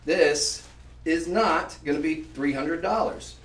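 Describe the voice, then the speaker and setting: A man hosting a live shopping show, chatting on and piling up descriptive words as he pitches. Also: slow, fairly bright tone, recorded from a distance. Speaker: shopping channel host. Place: shopping channel studio. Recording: roomy sound, voice off-mic.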